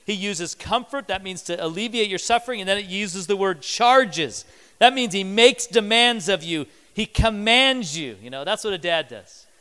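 Male pastor, sermon, high pitch, smooth resonant voice, conversational with acted-out quotes, echoing church hall. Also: lively intonation, normal speed, pushed and bright.

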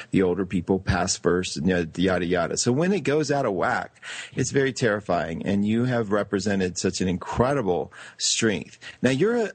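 A man hosting a radio talk show, interviewing a guest in an effusive, animated way. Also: lowish voice, slightly rough, no echo.

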